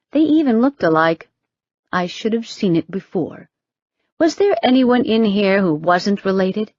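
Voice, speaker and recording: Female audiobook narrator, slow and breathy, dry muffled read. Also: darkish tone, no room sound. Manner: reads all characters, rising in pitch for them. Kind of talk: scripted narration.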